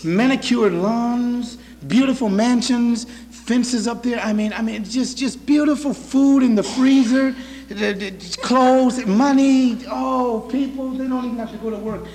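A man's voice: very high-pitched, a little slow, a little mellow, in a large hall. A male preacher giving an emphatic, repetitive sermon, speaking directly to his congregation in a church.

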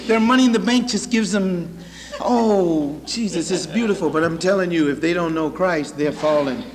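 High-voiced man preaching in a hall. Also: moderate pace, a crowd in the background. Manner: emphatic, repetitive, addresses the congregation directly. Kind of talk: sermon. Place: church hall with congregation.

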